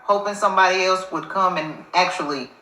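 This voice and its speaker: A woman's voice: fairly low pitch, fairly quick, bright, forceful tone, echoey room, rough recording. Emphatic woman giving her opinion. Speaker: commentator. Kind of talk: reaction commentary.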